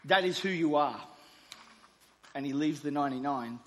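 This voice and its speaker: A man in his forties preaching a sermon, with emphatic declarations and softer asides. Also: on the high side, normal speed, slight background noise. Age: 40s. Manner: emphatic, swings between loud declarations and soft asides. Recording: long reverb of a large hall.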